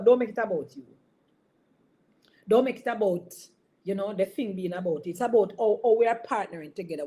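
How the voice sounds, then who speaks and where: A woman bishop with a mid-range, darkish voice delivers a casual marriage sermon during an online service broadcast. In a conversational way, she teases audience members by name and frequently tags on questions checking they understand.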